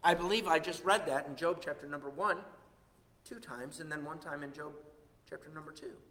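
A man preaching a sermon as pastor, animated, swinging between loud and hushed delivery. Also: fairly high pitch, brisk, a little hiss or hum. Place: church. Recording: echoey church hall.

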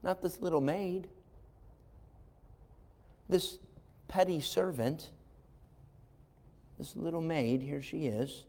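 Man pastor, animated and wry, somewhat high voice, long reverberant church sound. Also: slow, pauses often. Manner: animated storyteller, acting out voices, wry asides. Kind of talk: sermon.

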